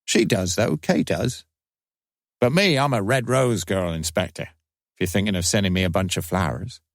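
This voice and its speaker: A man's voice: low-pitched, normal speed, no room sound, clean studio sound. A man voicing a coarse, defensive working-class young woman who speaks in a common way. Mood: scornful. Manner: common-sounding, defensive, cheeky.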